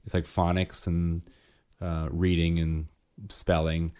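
A man in his thirties co-hosting a podcast, chatting in a relaxed, storytelling way. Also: low voice, slow, smooth. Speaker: podcast co-host. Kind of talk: casual chat.

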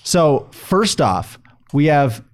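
A man's voice: a little high, sing-song, very slow, clear, resonant tone. A man hosting a casual film podcast, steadily announcing segments and plugs. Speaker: podcast host.

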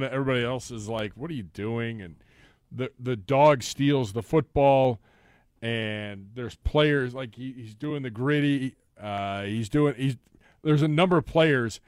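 A man's voice: medium pitch, smooth, no room sound, clean studio sound. Rambling male sports radio co-host. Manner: rambling, retells ads with quoted lines. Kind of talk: casual sports radio chat.

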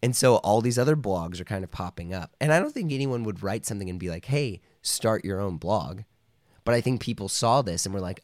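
Deep-voiced man telling a rambling story. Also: expressive, fairly quick, darkish tone, dry recording, clean studio sound. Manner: rambling, full of "like" and "you know", acts out quoted voices. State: coughing now and then. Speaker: podcast guest. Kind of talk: casual storytelling.

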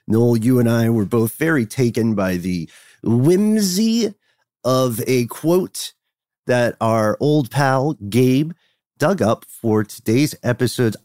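A man's voice: mid-range voice, darkish tone, no room sound. A man co-hosts a podcast with a playful, easygoing delivery and frequent laughter. His voice sits in a middle range and sounds dry and close, with no room around it. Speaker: podcast co-host. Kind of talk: casual chat.

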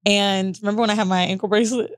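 A woman's voice: medium pitch, steady tone, racing, dry recording, studio quality. A woman co-hosting a podcast in casual chat, telling stories candidly and laughing often. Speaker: podcast co-host.

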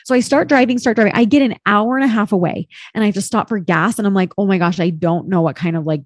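A woman of middle pitch telling a story in a loose, candid way, peppered with "like" and the odd swear word. Her voice is recorded close and dry, with no room sound around it. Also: fast talker, hardly any pauses, no echo. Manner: candid and expressive, swears, heavy use of "like". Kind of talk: casual storytelling chat.

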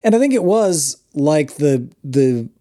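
A man's voice: fairly high pitch, big pitch swings, slow pace, dark tone. A man in his thirties, a podcast co-host, chatting casually in a thoughtful, agreeable way. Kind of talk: casual chat.

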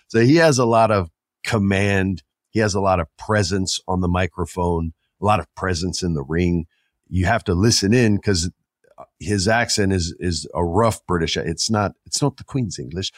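A man's voice: low voice, moderate pace, dry recording, studio quality. A man hosting a podcast in casual chat, rambling and talking straight to his listeners. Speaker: podcast host.

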